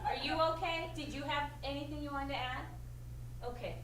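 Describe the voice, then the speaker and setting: A woman's voice: sits high, brisk, natural voice. A woman voicing a rambling, over-apologetic audience member in an improv comedy scene. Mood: sheepish. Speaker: improv performer. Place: live comedy stage. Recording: echoey stage from far off, noisy.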